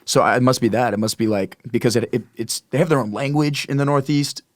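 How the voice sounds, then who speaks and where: A man's voice: mid-range voice, fast, no echo, clean studio sound. A young man talking as a guest on a podcast, rambling and often correcting himself mid-sentence. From United States. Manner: rambling, self-correcting, animated. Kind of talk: casual podcast chat.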